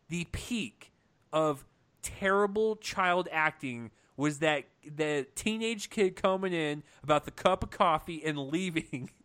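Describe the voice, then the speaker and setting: A man with a fairly high voice, co-hosting a casual film review chat. He tells stories animatedly and drops exasperated asides, full of restarts and fillers. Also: fairly bright tone. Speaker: film review podcast co-host.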